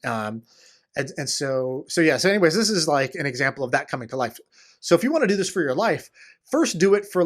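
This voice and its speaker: Casting: energetic man, fairly high voice, casual interview guest, quick with lots of "um" and "like". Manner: fast, enthusiastic talk with many fillers and restarts. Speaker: podcast guest, entrepreneur.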